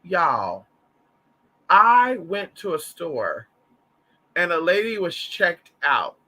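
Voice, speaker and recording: A man from Southern Louisiana hosts a casual livestream, gossiping and storytelling with a campy, profane flair. His voice sits a touch high and carries a piercing brightness. It swoops widely as he calls his viewers honey. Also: big pitch swings, extremely slow. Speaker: livestream host reading chat.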